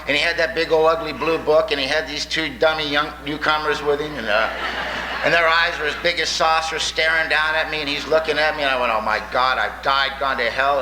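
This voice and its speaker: An older man sharing his recovery story with an audience, plainspoken and folksy with wry humor. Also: on the high side. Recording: echoey room with faint noise.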